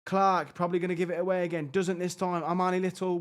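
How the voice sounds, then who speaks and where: Brief: high-pitched gamer, excitable, frustrated reaction commentary. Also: male voice, fairly quick, few pauses. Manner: exasperated, excitable, talks to his players. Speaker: gaming YouTuber. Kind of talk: live reaction commentary on a football management game.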